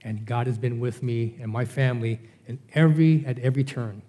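A man's voice: mid-range voice, fairly even intonation, fairly quick, warm tone. A middle-aged man preaching a Bible study sermon in a conversational way, asking rhetorical questions. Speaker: pastor.

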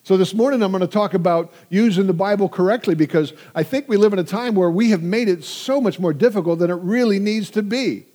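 A man's voice: sits high, brisk, hardly any pauses, mellow. A man in his sixties preaching a sermon, telling stories energetically and engaging his audience. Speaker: pastor.

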